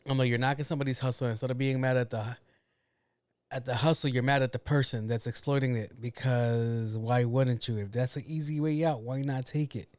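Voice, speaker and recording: A man's voice: medium pitch, fairly even intonation, fairly quick, a little mellow, dry recording. A man hosting a casual solo podcast, ranting bluntly with a lot of swearing and grumbling to himself about his own mistakes. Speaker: podcast host.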